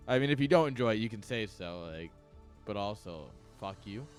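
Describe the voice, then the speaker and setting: A man's voice: lowish voice, animated, a little fast, faint music behind. Male stream caster, casual and profane, tipsy and rambling. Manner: loose, rambling and profane, laughs between thoughts. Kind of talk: casual livestream chat. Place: at home.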